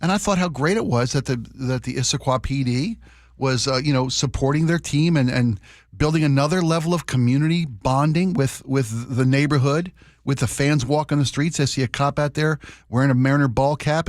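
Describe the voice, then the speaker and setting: A man's voice: mid-range voice, fairly quick, dry recording. A man co-hosting a radio show, chatting casually with frequent restarts and playful sarcasm, in a radio studio on a studio microphone. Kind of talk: casual talk radio banter.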